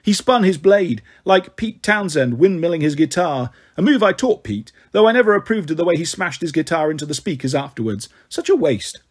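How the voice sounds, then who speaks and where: A man narrating an audiobook with wry, dramatic flair. His voice is high-pitched and husky, with a breathy rasp. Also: sing-song, a little fast, hardly any pauses. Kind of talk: first-person story reading.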